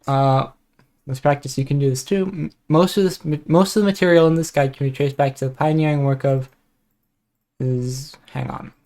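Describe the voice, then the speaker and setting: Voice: medium pitch, fairly even intonation, normal speed, darkish tone. A young adult streamer in casual live-stream chat, musing aloud and reacting with short comments.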